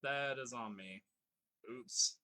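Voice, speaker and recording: A man's voice: medium pitch, slow pace, pushed and bright. A man casually commenting on his gameplay and reading chat aloud, swearing freely, laughing often and joking in mock exasperation. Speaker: live streamer.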